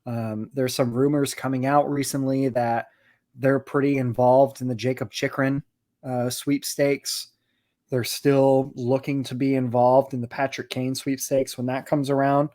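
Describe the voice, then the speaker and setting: A man co-hosting a podcast, giving steady, analytical hockey talk with frequent "you know"s. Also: medium pitch, unhurried. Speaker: podcast co-host. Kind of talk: casual hockey chat.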